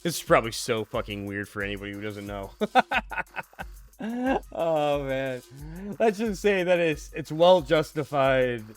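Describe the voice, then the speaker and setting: A man's voice: mid-range voice, very animated, measured pace, soft background music. A young man streaming a game live, chatting casually, swearing a lot and laughing as he rants. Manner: profane, ranting, laughs often. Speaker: livestreamer.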